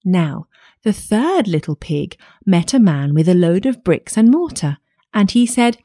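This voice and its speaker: A woman reading a fairy tale aloud in a lively, expressive storytelling manner. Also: medium pitch, unhurried, dry recording, clean studio sound.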